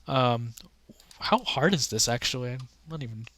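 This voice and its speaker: A man giving casual, rambling commentary on games he has played, halting with many restarts and fillers and offering frank, offhand opinions. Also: mid-range voice, expressive, fairly bright tone. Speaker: gaming content creator.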